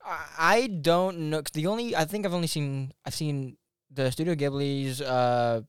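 A man's voice: on the high side, moderate pace, smooth, dry recording, clean studio sound. A young man co-hosting a casual movie review chat, rambling and hesitant as he gathers his thoughts. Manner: rambling, hesitant, many fillers. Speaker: podcast co-host.

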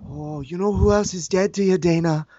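A man's voice: high-pitched, moderate pace, dark tone, no echo, lo-fi sound. A man putting on a mock Irish accent to play a cocky, defiant male fighter taunting his boss. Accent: put-on Irish. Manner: taunting, mocking.

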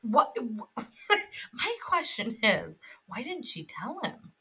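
A young adult woman co-hosting a podcast in casual chat. She is animated, swears freely and laughs often. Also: on the high side, slow, slightly rough, poor audio. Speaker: podcast co-host.

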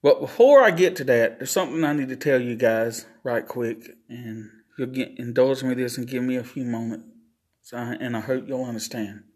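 Slow, slurred man hosting a podcast. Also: mid-range voice, a little mellow. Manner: slow, deliberate, earnest. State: slurred speech from facial palsy. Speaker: podcast host. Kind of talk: solo podcast monologue.

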